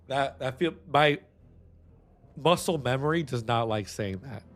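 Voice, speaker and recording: A man's voice: medium pitch, animated, measured pace, faint music behind. A man from San Antonio, chatting casually on a livestream in a rambling, restless way, swearing freely. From San Antonio, Texas. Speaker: streamer. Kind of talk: casual stream chat.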